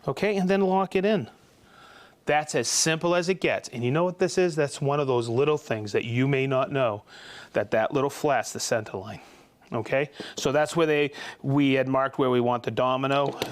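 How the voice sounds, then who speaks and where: A man's voice: mid-range voice, normal speed. A man hosting a live tool show, chatty and informal, demonstrating gear and reading out viewers' names and hometowns. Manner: informal, with restarts and asides. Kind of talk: live product demo and viewer shout-outs.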